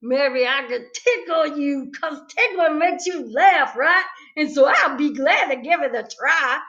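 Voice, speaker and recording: A woman's voice: sits high, a little slow, bright, forceful tone, pitched above the performer's own voice. A woman voicing a chatty, bossy little schoolgirl with an earnest, bubbly manner, on a slightly dull recording. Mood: chirpy.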